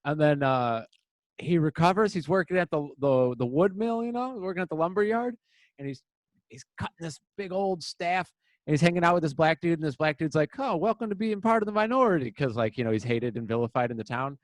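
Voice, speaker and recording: A man's voice: fairly high pitch, fairly quick, dry recording. A young American man telling a rambling, crude story in casual podcast banter, full of fillers. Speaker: podcast co-host.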